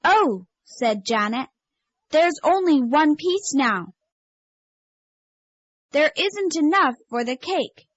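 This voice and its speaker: Woman reader for a learner storybook, slow, slightly high voice, dull dry tape sound. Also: expressive, no echo. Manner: clear, measured storybook delivery.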